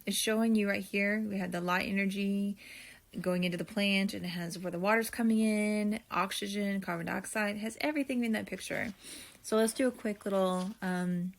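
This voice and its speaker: Woman, teacher, video lesson, slow deliberate delivery, friendly, thinks aloud as she writes, middle pitch. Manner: friendly, addresses students directly. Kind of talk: classroom video lesson, filling in notes.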